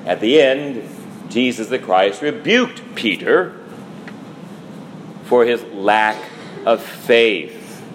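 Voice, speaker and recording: Slow, measured male preacher. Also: medium pitch, lively intonation, slight background noise, poor audio. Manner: slow, measured preaching with dramatic quoted lines. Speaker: priest. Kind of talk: sermon.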